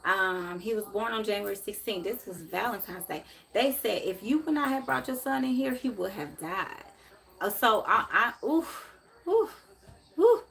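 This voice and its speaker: A woman's voice: medium pitch, expressive, normal speed, gravelly, fairly bright tone. A woman, hosting a casual live tarot stream and talking emotionally to her viewers in a repetitive way. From Memphis, USA. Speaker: tarot reader and host.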